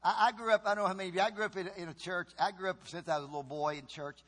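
A man preaching a sermon in a church, swinging from quiet, slow lines to shouted cries and groans as he acts out voices from his story. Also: sits high, steady tone. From Virginia. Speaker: pastor.

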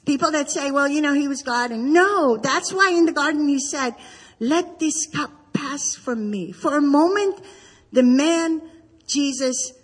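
Middle-aged woman, high voice, sharing a faith story with earnest exhortation; sound carries a long hall echo. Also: normal speed. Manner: vivid storyteller who acts out remembered dialogue. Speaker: speaker sharing a faith testimony. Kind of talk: Christian testimony talk to mothers.

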